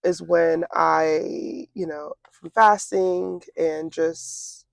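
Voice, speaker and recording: A young woman in her twenties with a gravelly, creaky edge to her medium-pitched voice. She talks things through slowly, circling back with fillers and restarts. The sound is dry and close, with no room around it. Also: fairly even intonation, dry recording. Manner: reflective, halting, with many fillers and restarts. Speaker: interview guest. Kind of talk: casual conversation.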